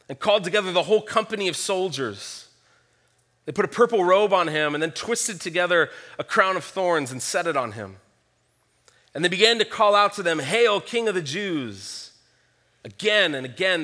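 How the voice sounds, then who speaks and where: A man's voice: a little high, bright, forceful tone. A man preaching a sermon, reading scripture passages aloud and explaining them in an earnest, reflective way. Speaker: pastor.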